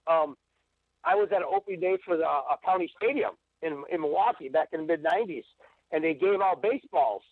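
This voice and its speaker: A man with a Midwestern accent calls in to a radio show, his high voice tinny and squeezed as if over a phone line. He rambles excitedly, stumbles and restarts, and piles one thought onto the next. The sound is dry, with no room around it. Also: a little fast, creaky, no room sound. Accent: Midwestern American. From Wisconsin. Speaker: caller. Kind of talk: casual call-in chat.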